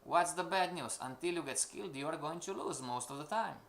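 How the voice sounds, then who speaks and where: A man's voice: fairly high pitch, brisk, vocal fry, a bit bright, a little hiss or hum. A man teaching a live-streamed trading class, emphatic and questioning, repeating his points to the students. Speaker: forex trading instructor.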